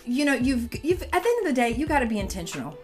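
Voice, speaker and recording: A woman's voice: sits high, very animated, fast, soft background music. A middle-aged woman hosting a podcast, talking in a casual, emphatic, preachy way about faith and fitness. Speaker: podcast host. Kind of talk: casual motivational podcast talk.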